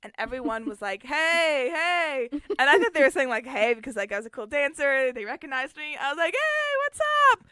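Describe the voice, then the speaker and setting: Young woman cohost, bright tense voice, laid back, lots of ums. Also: high-pitched, fast, hardly any pauses, smooth, dry recording, studio quality. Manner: laid-back storyteller, many fillers. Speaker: podcast co-host. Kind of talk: casual chat.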